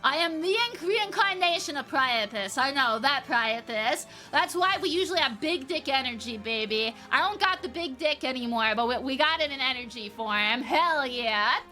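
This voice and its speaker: A woman's voice: high voice, lively intonation, moderate pace, few pauses, bright, forceful tone, faint music behind. A young adult woman streamer chatting casually with viewers, reading their messages and swearing freely. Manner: chatty, swears casually, reads chat aloud.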